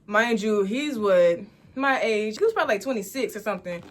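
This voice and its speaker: A woman in her twenties from Dallas, telling a casual storytime to her viewers with animated, dramatic delivery. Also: mid-range voice, brisk. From Dallas, Texas, USA. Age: 20s. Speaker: storytime vlogger.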